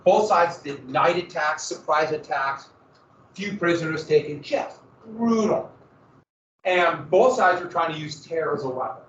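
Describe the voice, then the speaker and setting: Man, history teacher, casual joking lecture, slightly high voice, distant muffled classroom recording. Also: unhurried, a bit bright, roomy sound, a little hiss or hum. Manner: casual, joking asides, dramatic emphasis.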